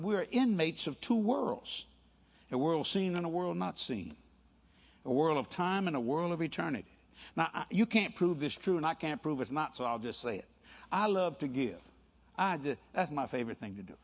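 An older man preaching a sermon, animated and playful, telling stories with quick voices and laughter. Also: a little high, vocal fry. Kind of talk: sermon mixed with storytelling. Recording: dull lo-fi sound.

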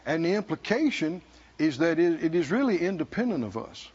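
A man preaching a sermon at a conference, emphatic and sometimes shouting, calling out to the congregation, in a dull lo-fi recording. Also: a little high, sing-song, a little fast, slightly rough. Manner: emphatic, shouting at peaks, laughing, call-and-response.

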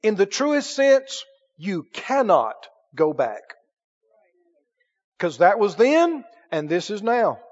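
A man's voice: sits high, big pitch swings, slow pace, long reverb tail, lo-fi sound. A man preaching a sermon as pastor, emphatic, leading the congregation in call-and-response and acting out quoted voices.

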